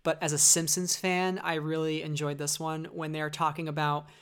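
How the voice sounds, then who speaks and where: A woman's voice: sits low, flat delivery, moderate pace, clear, resonant tone. A woman hosting a podcast, chatting enthusiastically and laughing often. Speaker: podcast host. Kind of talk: casual chat.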